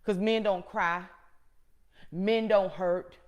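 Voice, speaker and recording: A middle-aged woman hosts a show, delivering an impassioned motivational talk like a preacher, repeating phrases for emphasis and swinging between hushed and loud moments. Her mid-range voice stays steady and unhurried.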